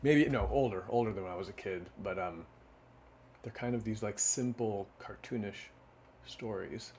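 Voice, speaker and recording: A man reading picture books aloud in a casual way, adding relaxed asides between the stories. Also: on the low side, moderate pace, slight background noise. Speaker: children's book reader.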